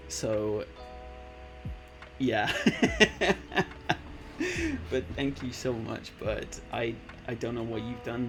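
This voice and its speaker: Gravelly, unhurried streamer in his late twenties. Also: medium pitch. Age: late 20s. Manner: laid-back, rambling, reads chat aloud, calls people man and bud. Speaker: Twitch streamer. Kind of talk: casual live-stream chat. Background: background music.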